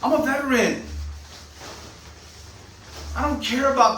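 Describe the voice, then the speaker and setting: A man's voice: extremely high pitch, normal speed, pushed and bright, echoey room, recorded from a distance, a little hiss or hum, low-quality recording. A man, a channel host and veteran, delivering a heated, profane monologue full of rhetorical questions. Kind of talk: ranting monologue.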